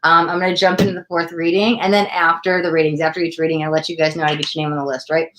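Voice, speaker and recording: A woman's voice: sits low, little pitch movement, racing, fairly bright tone. A woman from the United States hosting a livestream tarot reading, gushing with thanks and chatting casually with lots of "like" and "oh my God.".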